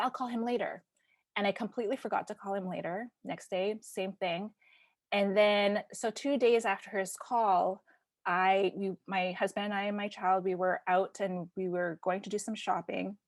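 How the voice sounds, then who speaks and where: A woman from Canada, hosting a podcast and telling a personal story in a casual, halting way, with many fillers and restarts and sometimes a hushed near-whisper. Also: mid-range voice, no echo, studio quality. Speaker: podcast host.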